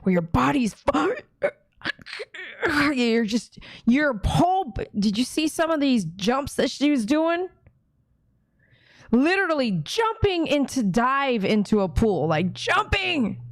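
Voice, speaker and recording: A woman's voice: high voice, very animated, slow pace, dry recording, studio quality. A woman dog groomer hosting a casual live watch party, chatting with viewers and reading their comments aloud. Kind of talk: casual live-stream chat.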